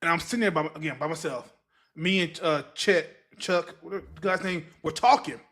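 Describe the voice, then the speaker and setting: A man tells a story on a podcast, acting out each line he quotes. His voice sits high for a man. He talks in a loose, casual way. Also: normal speed. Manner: animated storyteller who acts out other people's lines. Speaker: podcast co-host.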